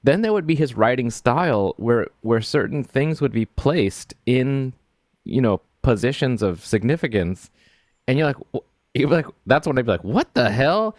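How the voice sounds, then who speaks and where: A man co-hosting a podcast, telling stories in an animated, exasperated way, with frequent restarts and laughs. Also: mid-range voice, normal speed, dry recording, studio quality. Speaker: podcast co-host. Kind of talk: casual book discussion.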